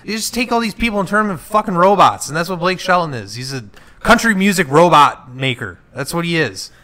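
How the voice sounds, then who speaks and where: Young male podcast host, bright and pushy tone, fast filler-heavy rants. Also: a little high. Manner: animated, ranting, quick bursts with many fillers. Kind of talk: casual chat.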